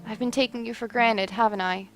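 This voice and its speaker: A woman's voice: steady tone, a little fast, soft background music, close to an everyday voice. A woman voicing a remorseful young woman who breaks off her engagement, tearful and pleading, in a dramatic story reading. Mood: earnest. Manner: tearful, pleading, high and strained.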